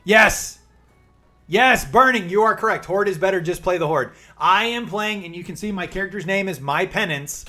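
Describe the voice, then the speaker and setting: Bright, high-voiced upbeat male streamer. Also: moderate pace, faint music behind. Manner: upbeat, chatty, answers viewers by name. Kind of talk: casual live stream chat.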